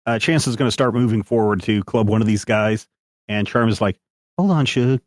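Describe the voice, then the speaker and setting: A man's voice: on the low side, steady tone, a little fast, no echo. Casual guy playing a tabletop game, dry mic. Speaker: player.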